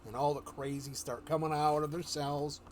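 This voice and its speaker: A man casually reading a comic story aloud to a live stream, with relaxed, chuckling asides. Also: fairly high pitch, normal speed, slight background noise. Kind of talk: casual read-aloud narration.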